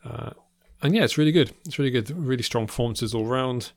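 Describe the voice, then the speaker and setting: A man's voice: mid-range voice, a little fast, dry recording. A man co-hosting a podcast, chatting casually about films with many ums and restarts. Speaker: podcast co-host. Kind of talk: casual film review chat.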